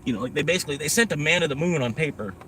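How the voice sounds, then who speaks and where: A man's voice: fairly high pitch, animated, very fast, bright, forceful tone, a little hiss or hum. An American man chatting casually as a vlogger, rambling and profane with lots of fillers, inside a moving vehicle.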